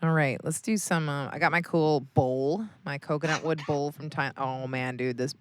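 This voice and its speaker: A woman's voice: low-pitched, normal speed, slight background noise. A woman co-hosting a podcast in a parked RV, chatting casually, teasing and laughing often. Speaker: podcast co-host. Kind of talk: casual chat. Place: parked RV at a rest area.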